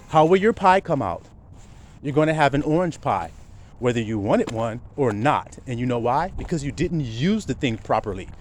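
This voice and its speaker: Man preaching with animated, lively pitch. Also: normal speed. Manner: rhetorical questions, swings from low mutter to loud emphatic outbursts, swears. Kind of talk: informal preaching monologue.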